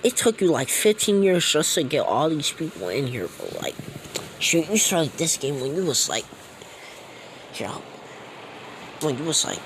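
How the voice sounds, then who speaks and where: A man rambling through a fan story in a loose, slangy way, stacking fillers as he goes. His pitch swings widely and a faint hum of background noise sits behind him. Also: very animated, normal speed, long pauses, poor audio. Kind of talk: casual retelling of a fan story.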